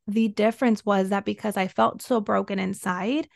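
As a guest on a podcast, a women's soul embodiment coach tells the story of a painful period in her life, earnest and emotional. Her mid-range voice is creaky, with fairly even intonation and normal speed. The studio-quality recording has no echo.

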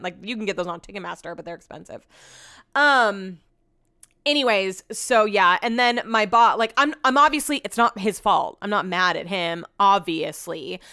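Young woman, podcast host, casual rambling chat, smooth clear voice, dry close sound. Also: medium pitch, no room sound. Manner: chatty, animated storytelling with many "like" fillers.

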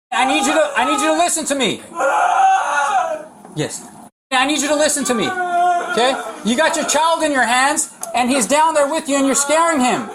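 A man's voice: extremely high pitch, lively intonation, moderate pace, long pauses, raised voice, heavy background noise. A man, a sheriff's deputy, pleading urgently and repetitively with a suspect in a crisis negotiation, heard on body camera audio.

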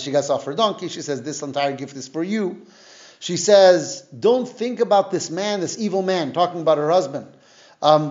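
Man teaching a Bible class, lo-fi. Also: fairly high pitch. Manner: retells the story conversationally, weaving in Hebrew terms and explaining them. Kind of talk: casual Bible lesson, retelling and explaining verses.

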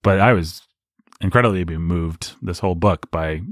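Low-voiced chatty man, dry sound. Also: normal speed, no echo. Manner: animated, rambling, candid. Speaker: podcast co-host. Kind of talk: casual book discussion.

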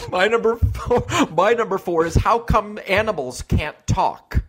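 A man co-hosting a comedy podcast, excitable and quick to laugh in casual chat, his voice congested from a cold. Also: high-pitched, soft background music. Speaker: podcast co-host.

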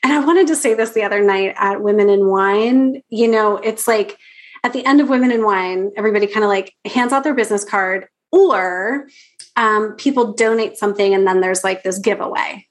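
A woman's voice: medium pitch, moderate pace. A woman hosting a podcast interview, talking casually and enthusiastically with lots of fillers. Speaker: podcast host.

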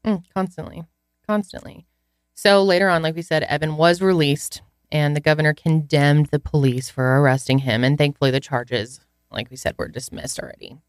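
A woman's voice: deep voice, fairly even intonation, normal speed, dry recording, clean studio sound. A woman co-hosting a podcast in casual chat, emotional, outraged and sarcastic. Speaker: podcast co-host.

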